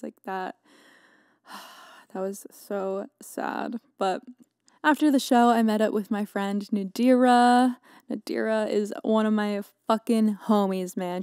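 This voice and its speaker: A woman's voice: medium pitch, warm tone, dry recording. Chatty young woman, dry close mic. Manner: chatty, dramatic, filler-heavy with frequent "like". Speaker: podcast host. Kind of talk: casual solo podcast recap.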